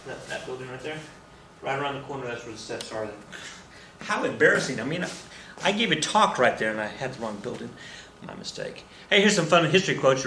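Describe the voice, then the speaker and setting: A man talks his students through a slide lecture, wandering off track and joking at his own expense between fillers. His voice sits at an average pitch, and the room around him rings with echo. A faint hum of ambient noise stays underneath. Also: fairly bright tone. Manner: rambling, self-deprecating, with many fillers and asides. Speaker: anthropology teacher. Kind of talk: recorded lecture over slides.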